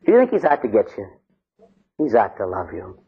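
A man preaching a sermon as a priest, intense, swinging between loud pleading and hushed tones. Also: on the low side, wildly swooping pitch, fairly quick, husky, lo-fi sound.

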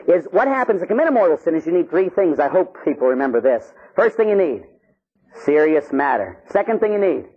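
Catholic priest man preaching, jokey and animated, acts out scenes, kinda husky, muffled radio sound. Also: high-pitched. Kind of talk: lively sermon with acted-out stories.

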